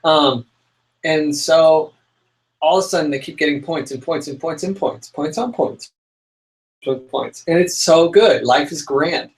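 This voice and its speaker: A young man co-hosting a casual chat show, telling a story with lively, dramatic outbursts. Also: a little high, normal speed, low-quality recording. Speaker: podcast co-host.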